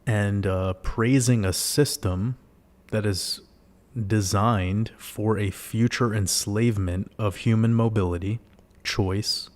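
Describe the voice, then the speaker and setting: Casual low-voiced male livestreamer. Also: takes it slowly. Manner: animated, swearing, rhetorical questions to viewers. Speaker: livestream host.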